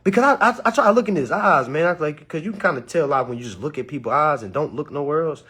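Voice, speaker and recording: A young man telling a story to his audience, acting out the quotes with sudden high bursts and laughs. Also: lively intonation, rapid-fire, pushed and bright, breathy edge. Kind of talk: animated storytelling talk.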